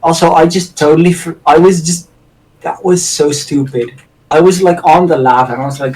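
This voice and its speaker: A man chatting casually while playing a game with a friend, rambling with lots of fillers and quick self-deprecating laughs. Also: mid-range voice, little pitch movement, a little mellow, distant mic, low-quality recording. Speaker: gaming channel host. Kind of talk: casual co-op gameplay chat.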